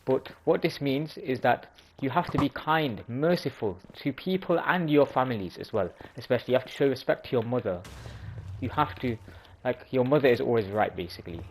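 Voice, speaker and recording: A man's voice: mid-range voice, slight background noise, rough recording. Casual man explaining hadith. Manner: informal, restarts and self-corrections. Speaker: religious video host.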